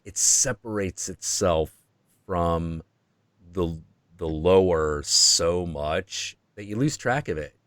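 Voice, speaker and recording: A man's voice: sits low, no room sound. A man hosting a stream, chatting casually and rambling through ideas, now and then acting out voices in quotes. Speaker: stream host. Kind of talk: casual chat.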